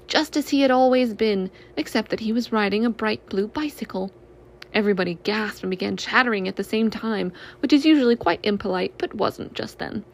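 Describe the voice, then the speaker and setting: A woman gently and expressively reading a children's storybook aloud. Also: medium pitch.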